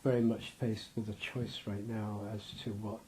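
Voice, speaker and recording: A man's voice: on the low side, level tone, moderate pace, darkish tone, a little hiss or hum. A man giving a loose, rambling interview, restarting his sentences and acting out little scenes with laughter.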